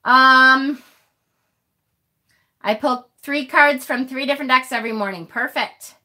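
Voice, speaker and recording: A woman with a high, bright voice chats casually through a tarot livestream. She is self-deprecating, laughs easily and lets a swear word slip now and then. Her tone is loose and friendly, as if talking straight to viewers. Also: measured pace. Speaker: tarot reader hosting a livestream. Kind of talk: casual livestream chat, reading viewer comments.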